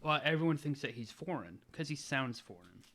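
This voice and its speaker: A man's voice: mid-range voice, animated, a little fast, fairly bright tone. A man co-hosting a podcast, chatting casually and telling a story with jokes. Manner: joking storyteller, laughs at his own stories. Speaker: podcast co-host. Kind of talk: casual chat.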